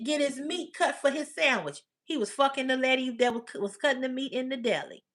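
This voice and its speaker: A woman's voice: high voice, sharp tone. A woman hosting a livestream, talking back to her chat in casual, blunt, profane commentary. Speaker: livestream host.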